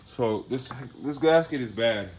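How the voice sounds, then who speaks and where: A man's voice: mid-range voice, expressive, a little slow, darkish tone, slight background noise. A man casually narrating a car repair in a loose, slangy way, thinking aloud as he works. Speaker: DIY car repair vlogger.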